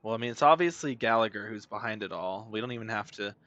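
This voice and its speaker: 明るい声でふざけて話す男性配信者. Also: male voice, on the low side, quick pace, a bit bright, dry recording, muffled recording. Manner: joking, rambling, with slang. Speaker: streamer. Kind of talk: casual gameplay commentary.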